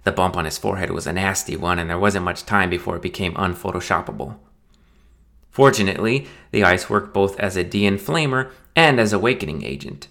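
Low-voiced man narrating a wry story. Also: a little fast, gravelly, fairly bright tone. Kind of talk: scripted audiobook narration.

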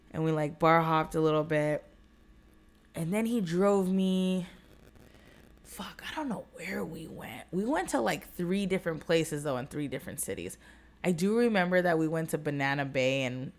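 A young woman chatting casually on a podcast, candid and profane, telling a dating story with many fillers. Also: sits low. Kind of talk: casual chat.

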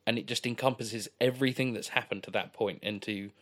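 A man, co-hosting a podcast and discussing a film in a relaxed way, with lots of fillers like "like". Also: fairly low pitch, a little fast. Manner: relaxed, filler-heavy, agreeable. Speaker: podcast co-host.

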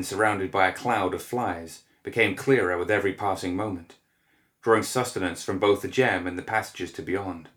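A man reads a dark fantasy tale aloud as scripted narration. His voice sits low and his delivery is measured and descriptive. It is a steady audiobook-style read.

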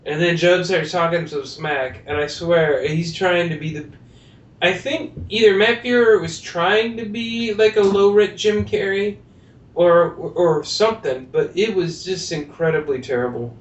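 Male podcast co-host, rambling and jokey, recorded from across the room on a muffled mic. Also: a little slow. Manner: rambling, laughs often, acts out lines. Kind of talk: casual movie review chat. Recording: distant roomy lo-fi mic with faint rumble.

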